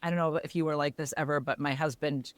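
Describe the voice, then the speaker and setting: A woman co-hosting a podcast in casual chat, telling stories with laughter and quick self-corrections. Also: low-pitched, fairly even intonation, no room sound. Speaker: podcast co-host.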